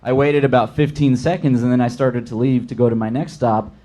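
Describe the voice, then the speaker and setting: A young man from Los Angeles, a guest comedian telling a rambling story in a hesitant, halting way. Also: mid-range voice, fairly even intonation, dark tone.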